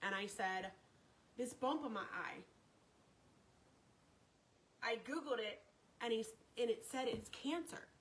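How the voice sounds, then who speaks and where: Woman, high voice, bright tone, chatty live-stream host, repeats herself. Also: animated, slow, pauses often, poor audio. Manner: chatty, repeats herself, greets viewers by name. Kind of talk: casual live-stream storytelling.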